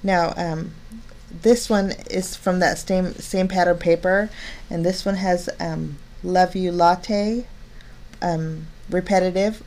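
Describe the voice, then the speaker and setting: A woman's voice: lowish voice, steady tone, a little slow, darkish tone. A cheerful, chatty woman talking through each step of a card-making craft tutorial. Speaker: crafting channel host.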